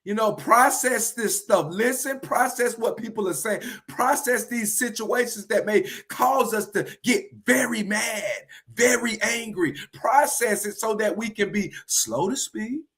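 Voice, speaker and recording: A man teaching from the Bible in a livestream, earnest and repeating key phrases slowly for emphasis. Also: high-pitched, a bit bright.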